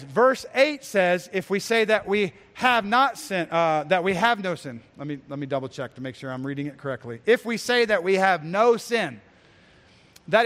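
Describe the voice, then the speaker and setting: High-voiced man preaching in a hall. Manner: earnest preaching, swelling loud on key points then dropping low and soft. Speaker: pastor. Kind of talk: sermon.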